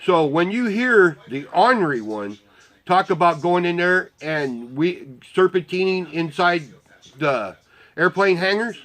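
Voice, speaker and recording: Man, high voice, casual storytelling, rambling, blunt, lots of swearing. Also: big pitch swings, a little slow, fairly bright tone, poor audio. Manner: blunt, heavily profane; rambling with restarts. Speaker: volunteer motorcycle parade marshal.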